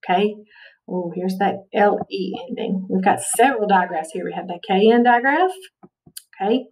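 Woman teacher going over phonics, patient, mid pitch, sounds a bit far off from the mic. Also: a little mellow. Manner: patient, says "okay" often. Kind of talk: recorded phonics lesson.

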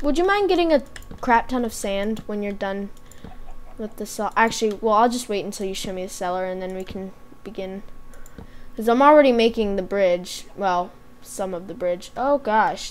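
A chatty young woman talks her way through a game session, narrating each move as she plays in a relaxed, rambling manner. Her pitch sits mid-range for a woman, and a faint hiss of noise runs under the recording. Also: normal speed. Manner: chatty, narrates her own gameplay aloud. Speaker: gaming channel host. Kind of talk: casual let's-play chat.

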